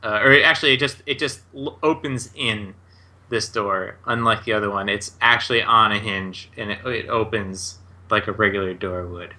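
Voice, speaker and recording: A man's voice: lowish voice, normal speed, pushed and bright. A man running a tabletop game as game master, casually describing scenes with lots of fillers. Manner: casual, heavy with fillers and 'like'.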